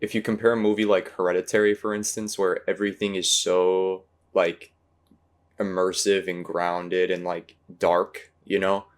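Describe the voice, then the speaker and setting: A man's voice: deep voice, level tone, normal speed. A man in casual movie talk, rambling and searching for words with many fillers. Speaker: podcast host.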